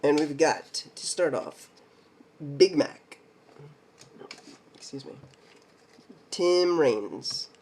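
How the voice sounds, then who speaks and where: A man hosting a card collecting video, slowly reading names off cards, stumbling over some and making little jokes to himself. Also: on the high side, big pitch swings, darkish tone, a little hiss or hum. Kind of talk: casual mail day card showcase.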